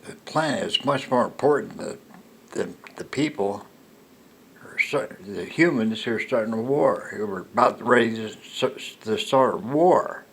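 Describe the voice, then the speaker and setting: Slow gravelly older man. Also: fairly low pitch, expressive. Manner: halting, with restarts and soft laughs. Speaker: storyteller recounting a personal encounter. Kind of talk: slow rambling personal monologue.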